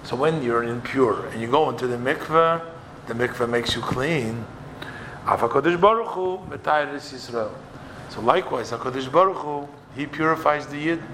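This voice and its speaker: A man's voice: mid-range voice, moderate pace, a bit bright, slight background noise. A man teaching a Torah class, explaining texts step by step, quoting each line and then translating it.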